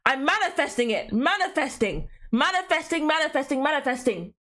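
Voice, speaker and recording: A young woman giving casual let's-play commentary, playful and animated, often repeating herself for fun. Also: sits high, brisk. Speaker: gaming streamer.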